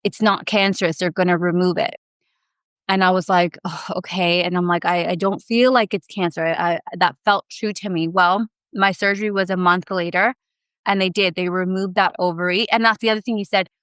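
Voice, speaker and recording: A woman in her thirties, a podcast guest, telling a personal story in casual chat, animated and emotional, with lots of fillers. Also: on the low side, a little fast, clear, resonant tone, no echo.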